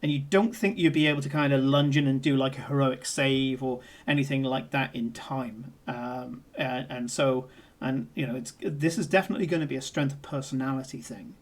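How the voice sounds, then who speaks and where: Rambling, swearing game master. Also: male voice, mid-range voice, fairly quick. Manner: swears a lot, rambling with fillers. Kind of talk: narrating a tabletop game.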